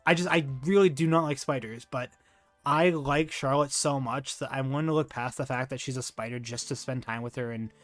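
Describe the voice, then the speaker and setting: A man's voice: mid-range voice, steady tone, brisk, a bit bright, dry recording, faint music behind. A man chatting casually on a livestream, rambling and gushing, with lots of fillers, restarts and slang like "dude". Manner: slangy, says dude and bro. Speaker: streamer.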